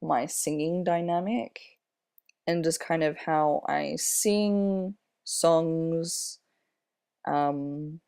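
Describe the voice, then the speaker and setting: Slow, soft-spoken young man. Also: on the high side, steady tone, gravelly, clear, resonant tone. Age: 20s. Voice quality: slightly airy. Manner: unhurried, rambling, many fillers and restarts. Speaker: vlogger. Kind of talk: casual personal vlog talk.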